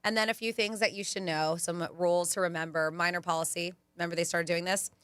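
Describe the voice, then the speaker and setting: A woman hosting a radio show, chatting casually and reading out event deals with quick asides. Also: lowish voice, steady tone, a bit bright, smooth, dry recording. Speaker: radio host.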